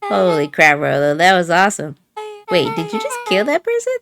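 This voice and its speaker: A woman's voice: lowish voice, wildly swooping pitch, normal speed, over music. A woman streamer reading game character dialogue aloud in a playful way, changing her voice for each character. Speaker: let's play streamer.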